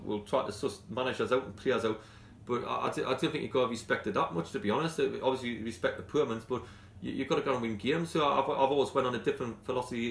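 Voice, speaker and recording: A man's voice: medium pitch, roomy sound, a little hiss or hum. A man with a Geordie accent, a football club manager giving a blunt, passionate interview, talking in bursts with many restarts. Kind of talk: post-training interview.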